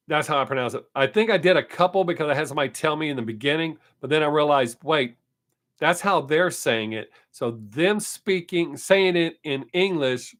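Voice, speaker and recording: A man hosting a casual live stream, talking straight to his viewers in a slightly higher voice. He answers their comments one by one in an easygoing way. He is quick to wave off people who only criticize. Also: fairly bright tone. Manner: dismissive of critics.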